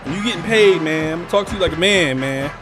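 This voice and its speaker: A hoarse man streaming a football game, ranting frustrated coach talk at his players, loud one moment and mumbling the next. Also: on the high side, fast talker, music in the background. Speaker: gaming streamer. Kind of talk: casual live commentary over a game.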